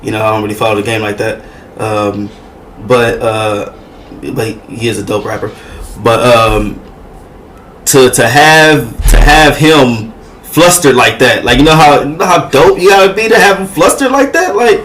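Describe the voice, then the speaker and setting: A man's voice: medium pitch, moderate pace, fairly bright tone. A man hosting a reaction video, talking loosely and profanely with many hesitations. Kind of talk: casual reaction commentary.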